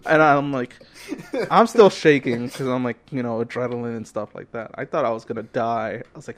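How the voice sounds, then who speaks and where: A man's voice: medium pitch, a little fast. A young man co-hosting a podcast, telling stories casually and leaning on "like" a lot. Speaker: podcast co-host. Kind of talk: casual chat, storytelling.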